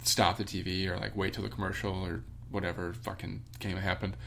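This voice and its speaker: A young man co-hosting a podcast, telling relaxed family stories in casual chat and swearing now and then. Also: a little fast, gravelly. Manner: relaxed storytelling, swears casually, mimics family in high voices. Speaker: podcast co-host.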